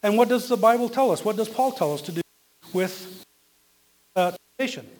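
A high-voiced man delivers a sermon as a pastor. He talks it through conversationally and keeps putting rhetorical questions to his listeners. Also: lively intonation, normal speed, darkish tone.

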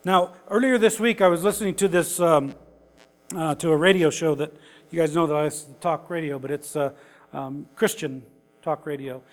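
An older male pastor with a high voice preaches in a folksy, chatty way, chuckling between points before pressing hard on them. His voice carries a long hall reverb. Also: moderate pace. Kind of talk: conversational sermon.

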